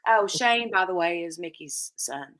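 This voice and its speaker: A woman's voice: lowish voice, animated, measured pace, fairly bright tone. A woman hosting a casual live stream chat from home, talking chattily and laughing often.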